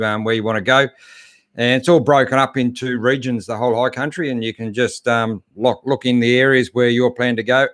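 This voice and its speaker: A middle-aged Australian man hosts a live chat night in a laid-back, easygoing way, full of ums and friendly greetings. His voice sits at an ordinary middle pitch. The recording is dry, with no room sound. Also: a bit bright, dry recording. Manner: laid-back, chatty, reads out viewers' comments with lots of fillers. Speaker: host.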